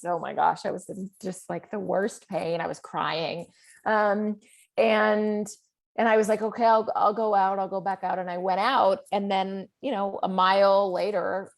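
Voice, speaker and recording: A middle-aged woman talking as a guest author in an interview, candid and animated, with plenty of fillers as she tells her story. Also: medium pitch. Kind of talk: conversational interview.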